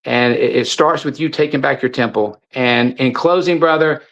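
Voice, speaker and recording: A man's voice: mid-range voice, normal speed, fairly bright tone, lo-fi sound. A middle-aged man speaking as a guest in an impassioned, preachy monologue, repeating phrases and restarting his sentences. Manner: preachy, repetitive, stumbling restarts. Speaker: guest, supplement seller.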